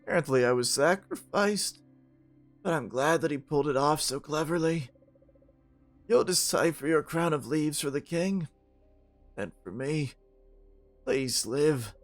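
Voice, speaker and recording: A patient, grieving old uncle who has waited a very long time, as a man reads him out. His lines come slowly and solemnly, with a fairly high voice that rises and falls a great deal, and faint music sits underneath. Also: lively intonation. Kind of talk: reading game dialogue aloud.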